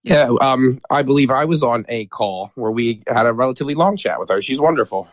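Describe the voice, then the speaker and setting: A man's voice: medium pitch, lively intonation, fairly quick, dry recording. A man chatting on a group call, hesitant and full of fillers. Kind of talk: casual group call chat.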